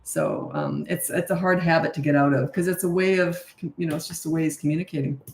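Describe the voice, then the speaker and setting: A woman's voice: low-pitched, fairly even intonation, fast, gravelly, slight background noise. A middle-aged woman parenting coach answering questions in a casual, blunt, matter-of-fact way, with chatty asides. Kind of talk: casual Q&A advice. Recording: roomy echo.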